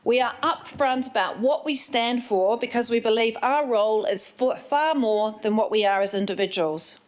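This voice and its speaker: A woman's voice: a little high, normal speed. A woman, giving an earnest, at times emotional speech as a newly elected city councillor. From England. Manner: emotional, tearful at moments, earnest.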